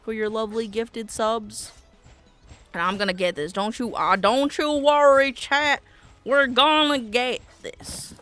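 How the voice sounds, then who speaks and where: A woman plays a video game on a live stream with soft music in the background. She's excitable and swears readily, swinging from yelps to low muttering while she plays and thanks her chat.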